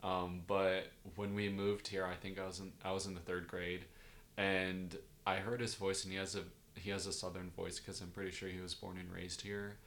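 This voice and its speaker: A man's voice: deep voice, level tone, normal speed, a bit bright, slight background noise. A young man co-hosting a podcast, talking casually and self-deprecatingly with many fillers. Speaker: podcast co-host. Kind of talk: casual chat.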